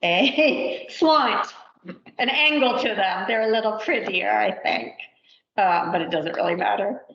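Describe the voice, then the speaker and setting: A woman's voice: medium pitch, a little slow, fairly bright tone. A woman teaching a live cooking demonstration, chatting and thinking aloud with plenty of fillers. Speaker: cooking instructor. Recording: roomy, dull lo-fi livestream audio.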